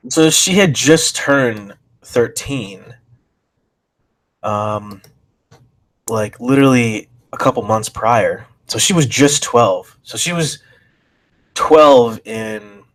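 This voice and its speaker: A man's voice: mid-range voice, takes it slowly, fairly bright tone. A man reading chat logs aloud and commenting, thinking aloud and reacting with disbelief.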